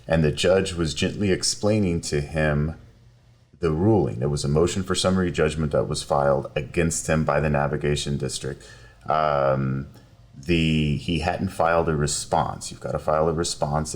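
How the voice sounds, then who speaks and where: A man, a lawyer, telling a story in a casual podcast interview, animated and quick to laugh while acting out quotes. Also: very deep voice. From South Texas. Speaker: personal injury lawyer, podcast guest. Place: podcast studio.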